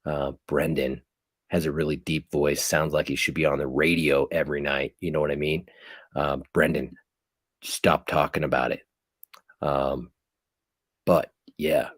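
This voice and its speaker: A man imitating a young man who talks in a deep, quiet, crooning late-night murmur. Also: flat delivery, measured pace, pauses often, breathy edge, no echo, studio quality, full character voice. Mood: hushed crooning. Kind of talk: mocking impression.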